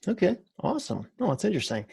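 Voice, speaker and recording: A man's voice: high voice, huge pitch swings, quick pace, gravelly, mellow, slightly rough, dry recording. A man hosting an interview podcast, chatting casually and filling his talk with "like". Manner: conversational, loose with fillers like "like". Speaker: podcast host.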